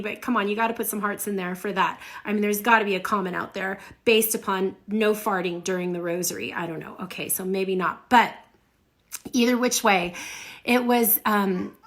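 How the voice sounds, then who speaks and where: A woman's voice: medium pitch, a little fast. Chatty middle-aged woman on a livestream. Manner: chatty, animated storytelling. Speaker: livestream host. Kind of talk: casual live chat.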